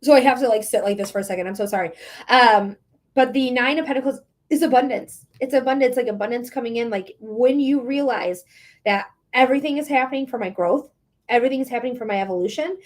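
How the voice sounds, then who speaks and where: A woman's voice: fairly high pitch, quick pace. A woman giving a live-streamed tarot reading, chatty and frank, swearing casually as she talks. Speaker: tarot reader.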